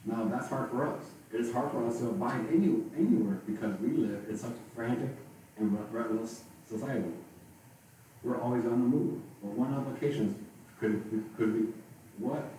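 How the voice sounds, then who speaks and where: A man preaching a sermon as pastor, speaking haltingly and often restarting and repeating his words. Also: medium pitch, mellow. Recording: very echoey, from far off, faint noise.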